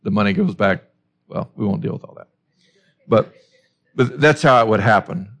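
Guy preaching a sermon, kinda gravelly, emphatic, lots of rhetorical questions. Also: fairly low pitch, normal speed, a bit bright. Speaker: pastor.

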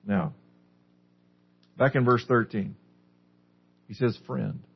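A man's voice: fairly low pitch, unhurried, vocal fry, husky. A man preaching a sermon, putting questions to the listeners and then answering them. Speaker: pastor. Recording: dull lo-fi recording.

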